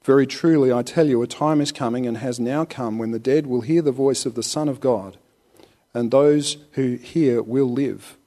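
A man preaching a relaxed, conversational sermon, with rhetorical questions and chuckles. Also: mid-range voice, normal speed. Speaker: pastor.

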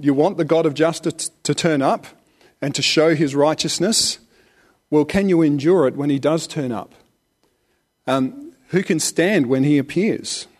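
A man preaching a relaxed, conversational sermon, with rhetorical questions and chuckles. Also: a little high. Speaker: pastor.

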